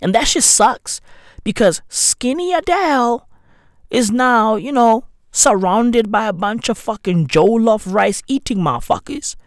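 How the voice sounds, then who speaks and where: Slow, slangy man ranting. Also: very high-pitched, lively intonation, no echo, studio quality. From London. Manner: slangy, sardonic rant with mock apologies. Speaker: comedian and podcaster. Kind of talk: profane comedic monologue. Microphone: new studio microphone.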